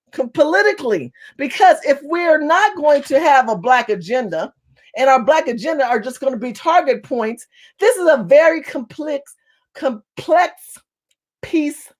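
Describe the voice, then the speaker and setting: A woman from California, an activist, giving an impassioned political monologue. She talks fast and forcefully and repeats phrases for emphasis. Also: sits high. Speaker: community activist.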